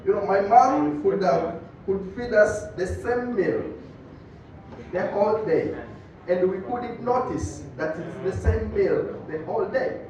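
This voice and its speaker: A man with a Tanzanian accent doing a stand-up comedy routine, telling animated stories and slipping into Swahili. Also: high-pitched, a little slow. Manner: animated storytelling, switching between English and Swahili. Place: comedy club stage. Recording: echoey distant muffled club recording.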